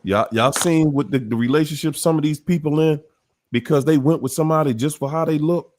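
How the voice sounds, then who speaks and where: A man's voice: fairly high pitch, brisk, a little mellow, a little hiss or hum. A man hosting a discussion, speaking in an impassioned, preacher-like way with rhetorical questions.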